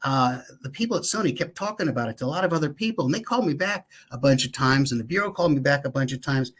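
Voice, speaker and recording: A man guesting on an interview, talking through a story at an easy, reflective pace. His voice is husky and slightly breathy. He pauses on fillers while he thinks. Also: medium pitch, lively intonation, a bit bright. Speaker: guest, professional speaker. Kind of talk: casual interview chat.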